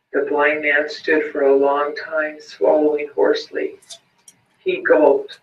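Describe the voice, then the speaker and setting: Guy reading a story aloud, slow and careful, echoey and muffled from far away. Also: fairly high pitch, completely flat delivery. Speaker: story reader. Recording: roomy, distant, muffled recording.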